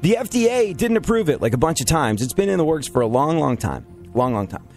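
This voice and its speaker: A man's voice: on the high side, very animated, quick pace, a little mellow, soft background music. A man from New York with a New York accent, hosting a comedic chat show and rambling jokily with lots of fillers. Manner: rambling and jokey, many fillers and restarts. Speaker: show host.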